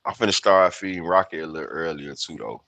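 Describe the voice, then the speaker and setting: A low-voiced man in his fifties with a Southern Memphis accent, talking casually and profanely to his livestream viewers. His voice has a gravelly edge, and the sound is dry and close to the mic. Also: fast talker, bright, forceful tone, dry recording. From United States. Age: 50s. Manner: loose, rambling and profane, laughs at himself. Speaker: livestream host.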